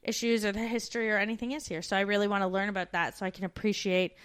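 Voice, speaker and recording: A woman's voice: medium pitch, steady tone, rapid-fire, a bit bright, clean tone. A woman from Canada co-hosting a podcast, chatting casually and laughing at herself often. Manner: giggly, self-deprecating. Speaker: podcast co-host. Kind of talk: casual chat.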